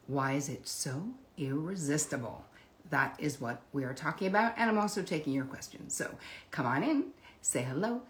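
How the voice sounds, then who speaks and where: A woman hosting a live stream, chatting casually and greeting viewers by name before talking about relationships. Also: low-pitched. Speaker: livestream host.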